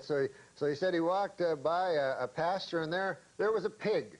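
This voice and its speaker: Deadpan rambling man, high voice. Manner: halting, meandering delivery with many restarts. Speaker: comedian guest telling a long story. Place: talk show studio with audience.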